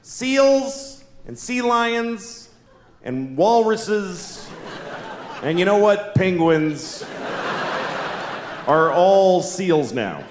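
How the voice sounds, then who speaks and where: A man voicing a pompous male scientist, announcing in a slow, drawn-out way. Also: sits high, big pitch swings, reverberant, background noise, exaggerated voice.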